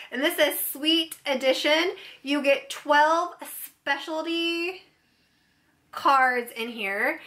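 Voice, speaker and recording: A woman vlogger chatting casually through a product haul, gushing and excitable as she shows each find. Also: sits high. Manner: gushing, excitable, keeps saying "oh my gosh, you guys".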